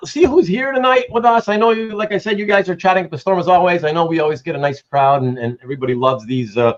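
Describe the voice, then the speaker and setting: A man's voice: mid-range voice, muffled recording. A man hosting a casual livestream, rambling and greeting chat viewers by name, with some casual swearing. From Canada. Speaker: livestream host.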